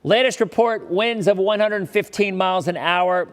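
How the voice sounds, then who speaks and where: A man's voice: high voice, moderate pace, long reverb tail. A man hosting a live weather forecast, talking in a chatty way with joking asides to his viewers.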